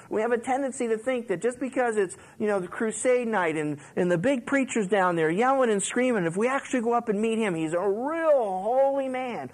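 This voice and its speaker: A man's voice: very high voice, poor audio. A male pastor giving a sermon on a Bible book. He talks conversationally, leans on "you know", and acts out quotes as he tells stories. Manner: animated storytelling, acts out quotes and laughs along.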